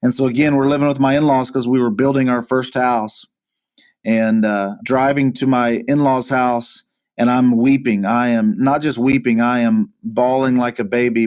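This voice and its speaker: A pastor being interviewed, earnestly recounting a hard personal story, often halting and repeating words as he goes. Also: mid-range voice, a little mellow. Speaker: pastor, podcast guest.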